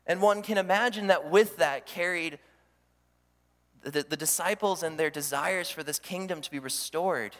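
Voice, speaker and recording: A man preaching a sermon as pastor, animated, acting out the voices he quotes. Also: on the high side, moderate pace. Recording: long hall reverb.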